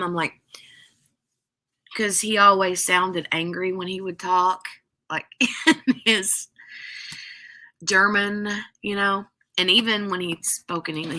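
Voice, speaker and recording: A woman hosts a craft live stream and chats loosely with viewers, drifting between thoughts with plenty of "like" and "um". She talks in no hurry, her voice sitting a little low but sounding bright and forward. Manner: chatty and rambling, full of "like" and "um". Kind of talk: casual live-stream chat, answering viewers.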